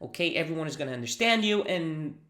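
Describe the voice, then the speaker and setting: A man's voice: fairly high pitch, expressive, quick pace, sharp tone. A Brazilian man with a Brazilian accent teaches Portuguese phrases in English, patiently drilling them for the listener to repeat. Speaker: language teacher. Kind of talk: language lesson. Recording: roomy echo.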